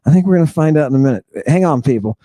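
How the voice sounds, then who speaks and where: A man's voice: on the high side, expressive, rapid-fire, warm tone, no echo. A man hosting an irreverent, theatrical lecture, mocking and talking straight to his audience. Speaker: host. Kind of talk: irreverent lecture on ancient texts.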